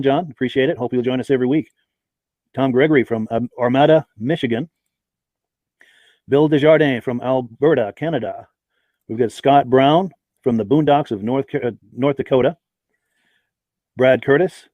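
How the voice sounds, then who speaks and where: Fast-talking male podcast host. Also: mid-range voice, mellow, no echo. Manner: reads out viewer names and hometowns. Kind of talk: live-stream podcast chat.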